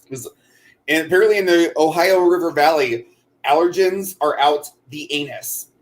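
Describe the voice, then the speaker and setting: A man's voice: fairly high pitch, normal speed. A man co-hosting a casual chat while crocheting, rambling with many fillers and restarts. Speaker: co-host.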